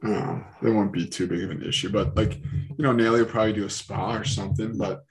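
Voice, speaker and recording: A man's voice: on the low side, steady tone, fast talker. A man co-hosting a casual chat, hesitant and full of "like" and restarts.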